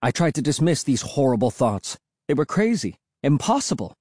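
An audiobook narrator reading a first-person story with suspenseful, expressive delivery. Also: mid-range voice, moderate pace, slightly rough, no echo, clean studio sound.

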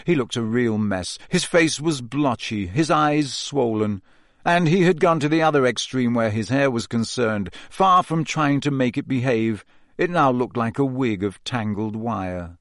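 Expressive male storybook narrator, dry sound. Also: medium pitch, unhurried, no echo. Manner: expressive, dramatic reading. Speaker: audiobook reader.

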